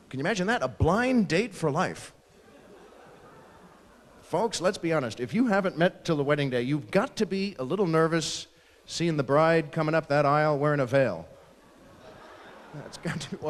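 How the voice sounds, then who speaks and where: Brief: male stand-up comic, lively and high-ish delivery, acts out family bits, long ballroom reverb. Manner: animated, acting out family members in quick asides. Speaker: stand-up comedian. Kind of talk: stand-up routine. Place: large ballroom stage at a live fundraiser.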